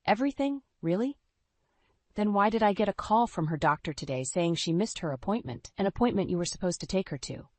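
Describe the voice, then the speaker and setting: A woman's voice: lowish voice, lively intonation, a little fast, no echo. A woman voicing a scornful angry husband. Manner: sneering, shouting. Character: angry contemptuous middle-aged husband.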